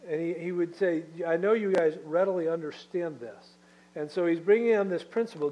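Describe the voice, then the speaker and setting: A man's voice: on the high side, highs cut off. A man preaching a Bible-study sermon in a conversational way, with fillers and rhetorical questions. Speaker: pastor.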